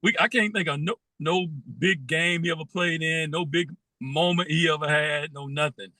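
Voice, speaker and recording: Bright-voiced man in sports chat. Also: on the high side, normal speed, dry recording, low-quality recording. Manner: steady and plain-spoken, tags lines with "man". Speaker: podcast co-host. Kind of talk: casual sports debate.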